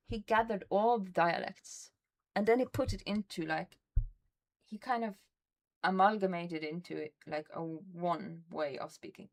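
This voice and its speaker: A woman's voice: medium pitch, low-quality recording. Rambling Northern Norwegian woman streamer. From northern Norway. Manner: rambling, heavy use of "like" fillers. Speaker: game streamer. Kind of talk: casual chat while gaming.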